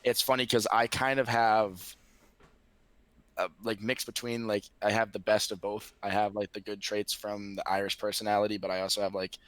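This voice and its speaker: A young man from the Boston area with no regional accent chats as an interview guest, loose and self-deprecating, with plenty of fillers. His voice sits low. The sound is close and dry. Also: flat delivery, moderate pace, fairly bright tone, dry recording. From Boston area, United States. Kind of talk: casual conversation.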